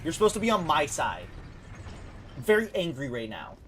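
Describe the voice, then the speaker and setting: Man streamer with a fairly high voice. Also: sing-song, normal speed, slight background noise. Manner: playfully heated trash talk at game characters; mocking sing-song taunting, jumps between loud and mumbled. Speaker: game streamer. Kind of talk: casual gaming commentary.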